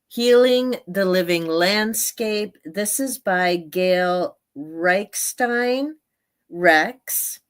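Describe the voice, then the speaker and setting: A woman talks through her reading plans on a live stream in a loose, wandering way and laughs a lot. Her voice sits a little low. She takes her time over every phrase. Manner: chatty and meandering, laughs often. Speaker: book channel host. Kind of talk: casual live-stream chat.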